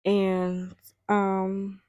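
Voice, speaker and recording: A young woman vlogger recounting a painful personal loss, halting and repeating herself with many fillers. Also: medium pitch, completely flat delivery, a little mellow. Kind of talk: emotional personal storytelling.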